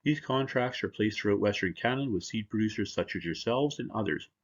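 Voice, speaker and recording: A man's voice: fairly low pitch, expressive, brisk, muffled recording. A man presenting at a seminar as a seed company representative, talking in a conversational, joking way. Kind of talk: conference presentation.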